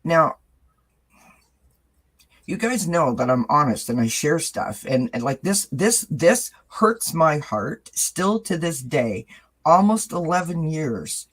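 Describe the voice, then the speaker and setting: A man's voice: on the high side, sing-song, slow, a bit bright. Earnest man hosting a chat. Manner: earnest, candid, speaks to viewers directly. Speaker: channel host. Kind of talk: casual video chat.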